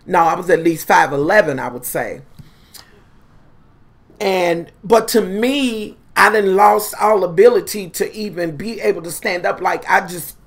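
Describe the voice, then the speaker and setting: A woman's voice: lowish voice, measured pace. A woman telling a personal story in a casual monologue. She swears constantly and calls her listeners honey and y'all. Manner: profane, animated, addresses listeners as honey and y'all.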